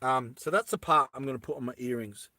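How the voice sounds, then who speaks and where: A man's voice: medium pitch, fast talker, pushed and bright, dry recording. A man chatting casually and playfully with live viewers while he makes earrings, joking and giggling often. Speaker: live streamer making jewellery. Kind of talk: casual live-stream chat while crafting.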